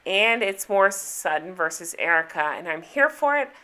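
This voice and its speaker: A woman's voice: lowish voice, animated, moderate pace, sharp tone. A middle-aged woman hosting a casual reality TV recap, chatty and sarcastic, laughing often. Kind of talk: casual chat.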